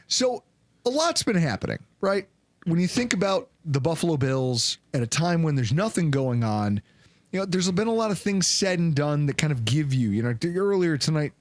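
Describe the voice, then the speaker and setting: A man hosting a casual sports podcast, his voice sitting a touch high and jumping around a lot as he tells animated stories. The sound is dry and close, with no room in it. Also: no room sound. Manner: animated storyteller, swings pitch for emphasis and quotes. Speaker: podcast host.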